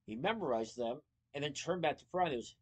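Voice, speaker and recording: Man, storybook reading, lively, playful asides, somewhat high voice. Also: a little fast. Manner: lively with small slips and asides.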